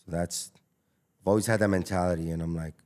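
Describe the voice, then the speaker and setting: A man, a taco restaurant owner telling stories as a guest in a casual podcast interview, animated and full of slang. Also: sits low, quick pace. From Los Angeles. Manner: animated storyteller, slangy, acts out dialogue.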